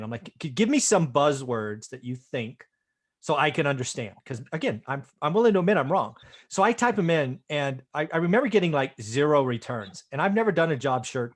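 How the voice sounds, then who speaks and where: A middle-aged man hosting a casual conversation, at an ordinary pitch for a man. He retells a family story in a self-deprecating way, tagging his sentences with "right?" as he goes. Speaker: host.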